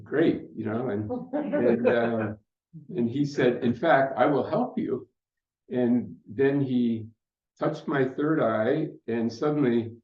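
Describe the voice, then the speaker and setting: Older guy, raspy-ish, rambling calm story at a conference, echoey dull mic. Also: medium pitch. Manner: unhurried, reflective storytelling with fillers. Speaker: conference speaker. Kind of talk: storytelling talk. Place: conference hall. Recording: muffled roomy hall recording.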